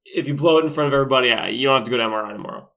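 A man's voice: medium pitch, very fast, creaky, a bit bright. A man putting on a sleazy smug doctor. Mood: smarmy. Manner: leering, pushy.

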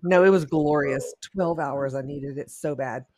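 A podcast co-host in casual chat, laughing along and throwing in quick teasing remarks. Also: medium pitch, a little mellow.

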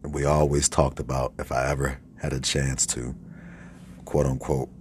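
A man hosting his own podcast, giving a personal shout-out in a deliberate, radio-style delivery. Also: very deep voice, level tone. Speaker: podcast host. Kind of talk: slow personal shout-out monologue. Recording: faint background noise.

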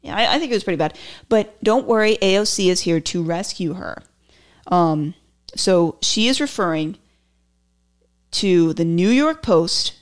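Lady host rambling thru her political podcast, kinda low voice, cracks jokes at herself. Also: expressive, unhurried. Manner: rambling, self-mocking, joking asides. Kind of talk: casual political commentary.

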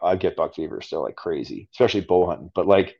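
A man's voice: deep voice, animated, quick pace, vocal fry, breathy edge. A man with a Canadian accent, a podcast guest telling a story casually, full of fillers. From Alberta, Canada. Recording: dull lo-fi audio.

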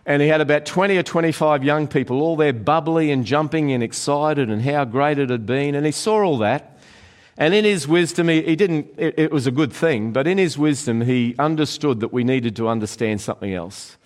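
A middle-aged man preaching a sermon, earnest, slowing and softening his voice on key phrases. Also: fairly high pitch. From Australia. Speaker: pastor.

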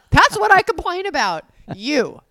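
A middle-aged woman co-hosting a casual chat, animated, swearing freely and acting out quotes. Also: extremely high pitch, no room sound.

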